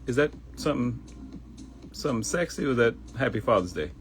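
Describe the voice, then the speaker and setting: A middle-aged man from Baltimore hosting a live stream, animated and chatty, greeting viewers by name and joking. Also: fairly low pitch, a little fast, faint music behind. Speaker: live show host. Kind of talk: live-stream casual chat.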